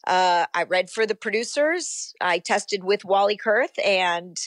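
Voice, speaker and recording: A woman in her fifties speaks at a middle pitch, musing and rambling, dotting her sentences with ums and you-knows. Her voice is close and dry, with no room sound. She talks as an actress guest in a relaxed chat. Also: unhurried, no room sound. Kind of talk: casual interview.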